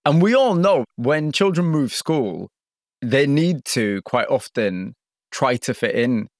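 A man hosting a radio interview program, narrating with a measured storytelling delivery and questioning a guest. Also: mid-range voice, lively intonation, no echo, clean studio sound. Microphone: studio microphone.

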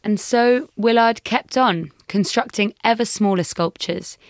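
A woman narrating a documentary and putting questions to the interviewee in a measured, calm way. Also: fairly high pitch.

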